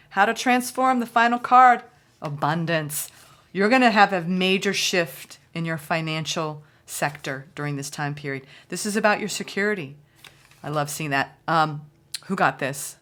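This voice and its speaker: A woman giving a tarot reading in a casual, reassuring way, often checking in with "okay?" and acting out people's reactions. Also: on the low side. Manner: reassuring, keeps asking "okay?"; animated, acts out quoted reactions. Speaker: tarot reader.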